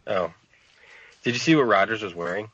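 A man's voice: on the low side, expressive, a little fast, fairly bright tone, husky, no room sound. A man co-hosting a casual sports podcast, rambling and hesitant with frequent restarts. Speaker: podcast co-host. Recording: dull lo-fi, dry sound.

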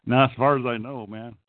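A man's voice: mid-range voice, dry recording. A middle-aged man with an Okie accent hosting a casual call-in chat, crude, profane and rambling. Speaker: call-in show host. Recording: tinny phone-like call line.

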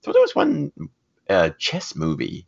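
Male podcast co-host, lower voice, loose chatty delivery, trails off mid-thought, muffled audio. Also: wildly swooping pitch, a little slow, creaky, breathy edge. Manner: meandering, laughs easily, trails off. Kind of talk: casual chat.

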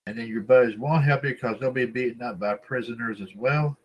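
A man's voice: mid-range voice, fairly quick, highs cut off. A man hosting a wrestling news podcast, talking in a rambling, casual way, often circling back with filler phrases and calling his listeners folks. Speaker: podcast host.

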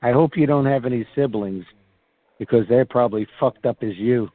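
A man's voice: medium pitch, brisk. A man hosting a call-in show, firing back insults and profane jabs at callers. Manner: insulting, trash-talking. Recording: dry, phone-like.

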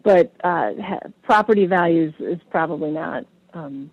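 A woman's voice: lowish voice, measured pace, husky, no room sound, rough recording. Hesitant woman guest, dry sound. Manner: hesitant, laughs between phrases. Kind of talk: call-in radio interview.

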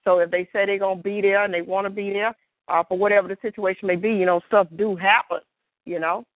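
A woman giving a rambling church testimony, halting with fillers and restarts and breaking into praise to God. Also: medium pitch, steady tone, dry recording, narrow, tinny audio.

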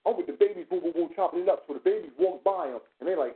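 A man with a high speaking voice tells his story with swearing and acted-out back-and-forth, animated the whole way. The sound comes through a thin, phone-like radio line. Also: fast, few pauses. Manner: animated, profane, acts out dialogue. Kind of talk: casual radio talk, storytelling.

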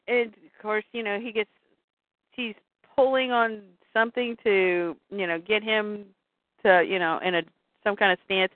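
A woman co-hosting, retelling a comic in a lively, laughing storytelling way, heard over a tinny phone-like line. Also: a little high, no room sound.

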